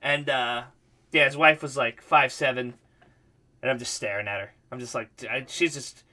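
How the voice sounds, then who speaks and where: Bright-voiced man ranting casually. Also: mid-range voice, fairly even intonation, normal speed. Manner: profane, rambling storyteller. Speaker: livestream host. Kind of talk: casual chat.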